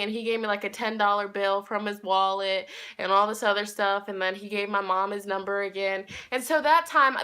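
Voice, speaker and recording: Talking straight to her viewers as she goes, a young tarot reader and vlogger rambles through a casual storytime. Her voice is medium in pitch and sharp in tone.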